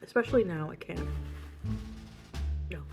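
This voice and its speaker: A woman's voice: mid-range voice, moderate pace, soft background music. A woman vlogger telling a story in casual, frank chat, laughing often and saying "like" a lot. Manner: chatty, laughs often, heavy use of "like"; frank and animated retelling.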